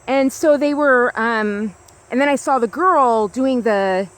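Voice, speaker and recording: Speaking slowly with a voice on the high side, an American woman vlogs to a small camera outdoors on a grassy hill. She rambles casually, leaning on "like" and frequently restarting.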